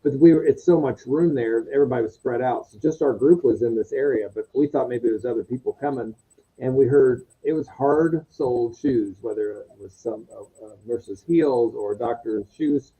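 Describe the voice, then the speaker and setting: A middle-aged man tells a story as a podcast guest, in a very dark, mellow voice with a husky edge. He rambles and halts as he talks. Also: medium pitch, normal speed, poor audio. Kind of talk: casual storytelling.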